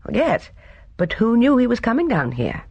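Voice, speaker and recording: A reader voicing a calm young man in a storybook reading, measured and gently teasing. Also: very high voice, husky, no room sound, dull audio, pitched above the performer's own voice, full character voice.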